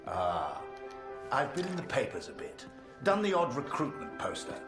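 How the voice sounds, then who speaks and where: An actor playing a polite, formal army major in a video game. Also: male voice, mid-range voice, wildly swooping pitch, moderate pace, music in the background. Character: courteous male army officer, genial and proper.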